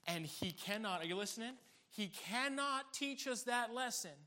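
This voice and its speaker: This pastor's voice is very high, and he talks at a normal speed. His sermon is lively, punctuated by frequent laughter and by his impressions of the story's characters.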